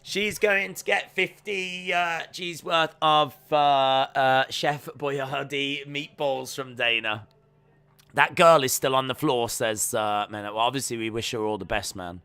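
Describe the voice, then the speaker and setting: A man hosting a live watch-along stream, reacting to fights with excited shouts and exclamations. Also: mid-range voice, unhurried, clean tone.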